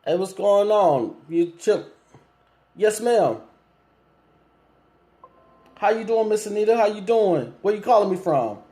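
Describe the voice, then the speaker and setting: A man hosts a casual call-in talk show in a slightly high, mellow voice. He speaks to listeners and callers directly, fills gaps with ums, and keeps a polite but firm tone. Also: animated, measured pace, long pauses. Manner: laid-back, lots of ums, asks listeners questions. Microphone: streaming setup with cameras.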